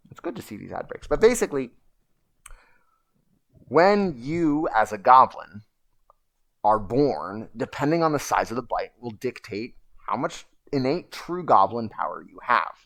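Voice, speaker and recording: A gravelly man chats on a livestream in a loose, rambling way. His pitch jumps around a lot and his tone stays bright. He sounds like a host answering viewers. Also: measured pace. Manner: rambling and animated, chanting and shouting at times. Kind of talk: casual livestream storytelling.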